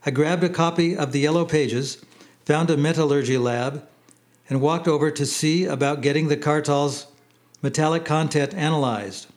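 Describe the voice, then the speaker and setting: Guy reading his memoir, slightly high voice, easygoing pace. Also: moderate pace. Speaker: narrator. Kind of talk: memoir audiobook narration.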